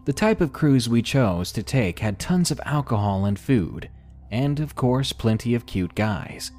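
A man narrating a scary story in slow, expressive storytelling. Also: mid-range voice, soft background music. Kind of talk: scripted horror story narration.

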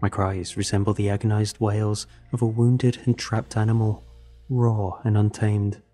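A man reading a first-person horror story in a measured, dramatic way. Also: lowish voice, little pitch movement, mellow. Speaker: narrator. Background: faint background music.

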